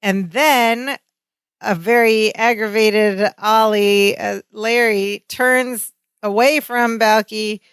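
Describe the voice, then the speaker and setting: A woman's voice: medium pitch, level tone, slow pace, fairly bright tone, clean tone, no room sound. A woman co-hosting a podcast, chatting casually and finishing her co-host's sentences as they retell sitcom scenes. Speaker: podcast co-host. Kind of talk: casual chat recapping a sitcom.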